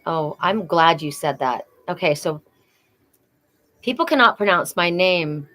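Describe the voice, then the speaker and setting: A woman's voice: fairly low pitch, lively intonation, measured pace, fairly bright tone. A middle-aged woman doing a live oracle card reading, talking earnestly and repeating phrases for emphasis.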